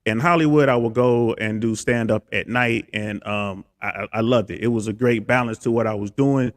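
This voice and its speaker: A man's voice: mid-range voice, normal speed, no room sound. A man in his fifties from Ohio talks as a guest on a stream. His voice sits in a middle register, recorded close and dry with no room sound. He tells his story loosely, with fillers and restarts. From Cincinnati, Ohio, USA. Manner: relaxed, rambling, with fillers and restarts. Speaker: guest, stand-up comedian and content creator. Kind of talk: casual interview storytelling.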